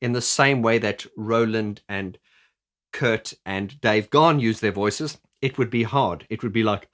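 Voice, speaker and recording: Bright-voiced male vocal coach. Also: mid-range voice, normal speed. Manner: chatty, stumbling over restarts while explaining. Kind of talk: explanatory video commentary.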